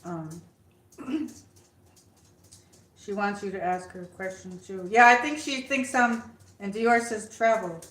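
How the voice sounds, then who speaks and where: A woman's voice: medium pitch, slow pace, pauses often, fairly bright tone, echoey room, low-quality recording. A woman hosting a casual livestream from her home, chatting with viewers and coaxing her dog. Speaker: livestream host. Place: room at home.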